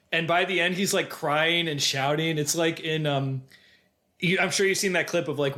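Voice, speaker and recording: A man talks through a film on a podcast, his voice sitting a little high. He retells scenes with animation, dropping into quick quoted voices of the characters. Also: a bit bright. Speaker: podcast co-host. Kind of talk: casual film discussion.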